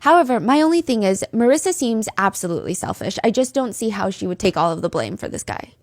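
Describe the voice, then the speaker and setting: A woman's voice: medium pitch, very animated, fast, no room sound. A woman hosting a podcast, telling a true-crime story with blunt, sarcastic commentary into a close mic. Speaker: podcast host.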